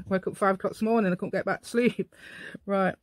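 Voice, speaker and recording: A woman's voice: mid-range voice, steady tone, normal speed, dry recording. Chatty woman, rambling craft talk. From England. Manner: rambling, chatty, talks to herself while working. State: tired. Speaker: craft channel host. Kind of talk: casual crafting tutorial chat.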